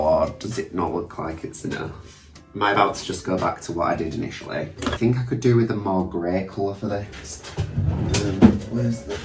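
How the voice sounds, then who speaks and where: A young man talks casually through a drag makeup routine, joking at his own expense and swearing now and then. His voice sits low. The room gives an echo, with faint music behind him. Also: steady tone, normal speed, recorded from a distance. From England. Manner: chatty, self-mocking, sweary asides. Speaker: drag queen vlogger. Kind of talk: casual makeup tutorial chat.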